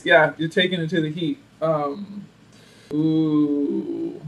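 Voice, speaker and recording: A man with a high, light voice gives a casual tarot reading, full of sass, playful attitude and frequent laughter. The mic sits some way off, so he sounds distant. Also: slow, creaky. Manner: sassy and animated, laughs often. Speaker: tarot reader.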